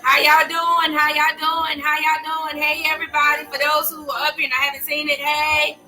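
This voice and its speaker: A woman's voice: high voice, little pitch movement, normal speed, pushed and bright, soft background music. A woman co-hosting a church live-stream show, chatting casually and teasingly greeting viewers by name.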